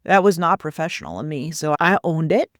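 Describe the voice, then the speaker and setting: A woman's voice: deep voice, a little fast, no room sound, clean studio sound. Candid woman coach telling a story. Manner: candid, animated retelling with quoted dialogue. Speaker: career coach. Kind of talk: personal storytelling monologue.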